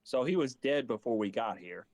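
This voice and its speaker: A man playing a tabletop game, playful and quick to laugh. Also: mid-range voice, animated, a little mellow, dry recording. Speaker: player. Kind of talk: casual game chat.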